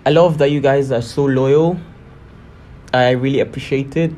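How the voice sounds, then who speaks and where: Slow, soft-spoken man. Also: steady tone, poor audio. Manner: soft, low-key and reflective, with bits of Pidgin slang. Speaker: podcast host. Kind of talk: casual solo monologue.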